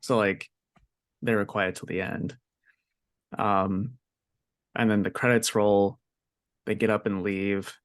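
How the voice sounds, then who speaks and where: A man's voice: lowish voice, steady tone, takes it slowly, long pauses. A young man co-hosting a podcast, telling a story in casual, profane, exasperated chat. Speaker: podcast co-host.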